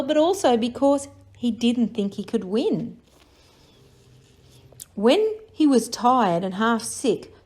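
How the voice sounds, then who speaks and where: A woman's voice: a little high, a little mellow. A woman reviewing a story with young children, asking questions and encouraging their answers. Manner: encouraging, sing-song tag questions. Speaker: children's teacher.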